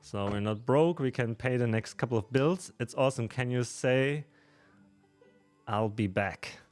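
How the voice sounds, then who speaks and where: A man with a German accent talks loosely to his viewers while he plays, often breaking into laughter. His voice sits in an ordinary middle pitch. The talk is relaxed and rambling. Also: unhurried, no echo, faint music behind. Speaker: streamer. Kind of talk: casual live-stream chat while gaming.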